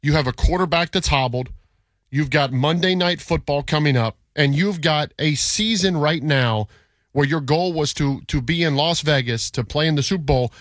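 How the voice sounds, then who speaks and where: A man's voice: on the high side, moderate pace, fairly bright tone, dry recording. A man co-hosting sports talk radio, arguing his points emphatically and repeating himself to press them.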